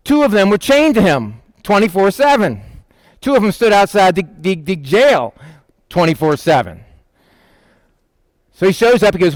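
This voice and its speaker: High-voiced man teaching scripture. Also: big pitch swings, dry recording. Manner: acts out quotes of the figures in quick voices; asks the listeners questions and answers them. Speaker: preacher. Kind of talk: conversational Bible teaching.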